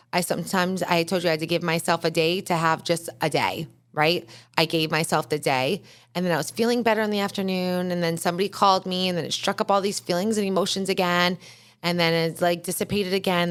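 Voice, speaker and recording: A middle-aged woman talks straight into a studio mic as a podcast host, with a somewhat low voice. She is candid and blunt, swears freely, and speaks in a motivational monologue. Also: fairly bright tone. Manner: candid, blunt, uses profanity.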